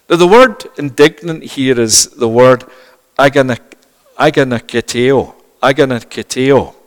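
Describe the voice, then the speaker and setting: A man's voice: fairly high pitch, a bit bright. Earnest male preacher in a reverberant hall. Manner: earnest, emphatic, repeats key phrases. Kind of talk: sermon.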